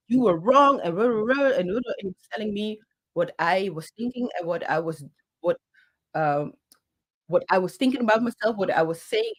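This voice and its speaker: A woman tells a personal story to her viewers, speaking with passion and gesturing with her hands as she talks. Her voice sits a little low, and she pauses often, restarts phrases and fills gaps with ums and uhs. She speaks into a handheld microphone. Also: a little mellow. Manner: halting, many fillers and restarts. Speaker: channel host.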